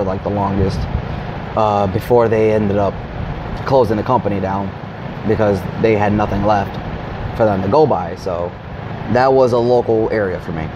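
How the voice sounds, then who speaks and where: A man talks casually and playfully, teasing the person he's chatting with and stumbling over a word now and then. He sounds like he's out by the road with traffic rumbling past. The recording is dull and lo-fi. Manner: playful, teasing, a little stuttery. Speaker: local pro wrestler, interview guest. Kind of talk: casual interview chat. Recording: dull lo-fi sound with clear street noise.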